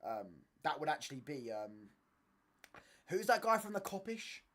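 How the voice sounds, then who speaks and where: A man's voice: on the high side, big pitch swings, moderate pace, fairly bright tone. A young man, hosting a casual livestream, rambling in slangy talk and often asking "you get what I'm saying". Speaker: channel host. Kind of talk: casual livestream chat reading comments.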